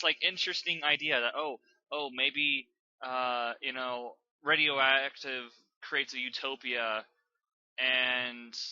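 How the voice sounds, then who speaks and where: A man's voice: mid-range voice, pushed and bright, dry recording, muffled recording. A young man reading fanfiction aloud and then ranting about it, exasperated and sarcastic, swearing often. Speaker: channel host reviewing fanfiction. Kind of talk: dramatic reading and rant commentary.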